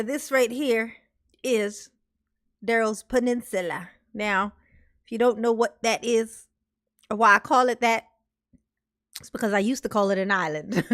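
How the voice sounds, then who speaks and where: A high-pitched woman talks slowly and casually to her viewers, breaking into frequent laughter as she mocks what she watches. Her tone is playful and teasing. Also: a bit bright. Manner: laughs often, mocking, talks to viewers as y'all. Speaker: commentary vlogger. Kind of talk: casual reaction commentary.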